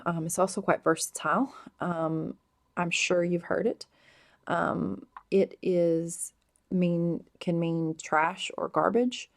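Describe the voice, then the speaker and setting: A woman explaining slang words in a casual vlog, hesitant and full of drawn-out ums. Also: lowish voice, vocal fry. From United States. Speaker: vlogger explaining British slang.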